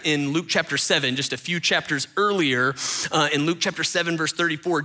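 Male pastor, conversational sermon, very bright tone, slightly high, repeats himself. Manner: conversational, repeats words, addresses listeners directly.

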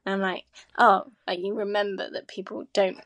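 A woman's voice: medium pitch, level tone, a little fast. A woman guest on a casual podcast, a sex educator speaking frankly and earnestly, with some hesitant restarts.

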